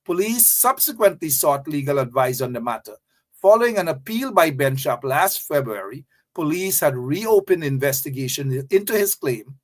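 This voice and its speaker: A man hosting a political commentary show, reading out a news item and then railing against it with indignant, mocking repetition. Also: a little high.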